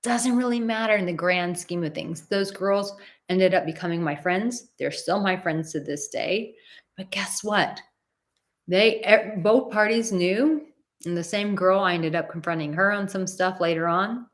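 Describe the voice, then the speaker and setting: A woman in her thirties hosts a live advice stream in a slightly low voice. She talks bluntly and with animation, acting out what others said and not shy about swearing. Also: measured pace. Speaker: relationship advice host.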